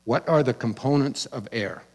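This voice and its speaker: A man's voice: medium pitch, normal speed. Man preaching in a conversational way. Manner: conversational preaching, with asides and restarts. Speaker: pastor. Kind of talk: sermon.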